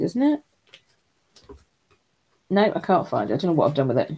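A woman's voice: mid-range voice, sing-song, moderate pace, pauses often, warm tone, breathy edge. A woman hosting a live craft stream, chatting casually, rambling and answering viewer comments as she shows cards. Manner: chatty, rambling, loses her train of thought.

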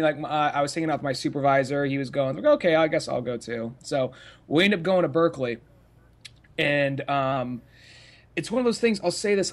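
A man co-hosting a podcast in casual chat, rambling and swearing often with many fillers. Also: on the high side. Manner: rambling, profane, heavy on "like". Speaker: podcast co-host.

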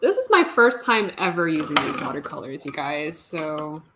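A woman's voice: low voice, sing-song, normal speed, background noise. A woman teaching artist chatting casually while painting, self-deprecating and laughing often. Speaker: teaching artist doing a demo.

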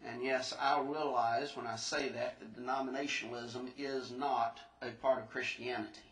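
A man preaching a sermon in a church, earnest and emphatic, slowing down to stress scripture and rising into questions. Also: medium pitch, steady tone, a bit bright, distant mic. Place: church sanctuary. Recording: echoey church recorded from afar.

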